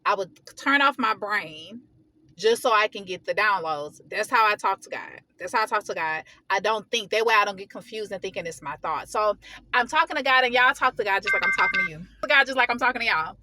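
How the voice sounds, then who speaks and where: A woman telling a personal story in a casual vlog, venting heatedly in slangy, animated talk. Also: mid-range voice, a little fast. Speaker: vlogger.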